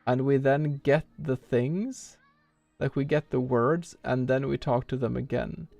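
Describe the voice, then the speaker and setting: A man's voice: medium pitch, unhurried, gravelly, darkish tone, no echo, soft background music. A man streaming a speedrun, rambling casually and thinking aloud with lots of filler words. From Norway. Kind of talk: casual live-stream chat while playing.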